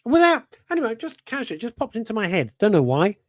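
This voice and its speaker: A man hosts a radio show in a dry studio, teasing his co-host and drifting into stories. His pitch sits a bit high and swings widely as he jokes. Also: wildly swooping pitch, fast talker, no echo. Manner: teasing, interrupting, anecdotal storyteller. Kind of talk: casual on-air banter.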